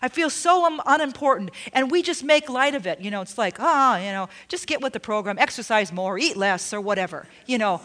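A woman pastor delivers a sermon in a bright, ringing voice that sits a little high. She preaches emphatically, stumbling into restarts and sprinkling in "you know" as she drives her points home. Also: expressive, brisk, few pauses. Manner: drops to a hushed near-whisper when retelling a tender story.

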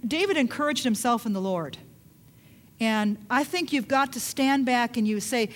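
Emphatic woman pastor preaching. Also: a little high. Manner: emphatic preaching with rhetorical questions and repetition. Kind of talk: sermon.

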